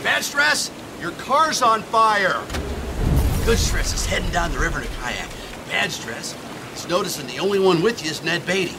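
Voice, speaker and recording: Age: adult. Figure: a man playing a brash macho outdoor-store pitchman. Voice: high, gravelly. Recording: outdoor engine noise. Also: very animated, normal speed. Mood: blustering. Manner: blustering, mocking. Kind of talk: comedy ad sketch.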